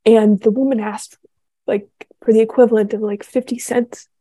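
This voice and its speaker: A woman's voice: fairly high pitch, fairly even intonation, normal speed, mellow, no echo. A young adult woman giving a casual spiritual talk, heartfelt and rambling, with many fillers and restarts.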